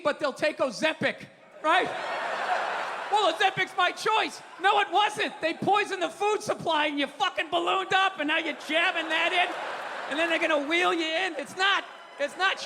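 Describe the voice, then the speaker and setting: A male stand-up comedian ranting profanely in a live set, swinging from mumbled asides to shouting. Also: very high voice, normal speed. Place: theater stage before a live audience. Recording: live hall with crowd noise. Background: crowd laughing and applauding.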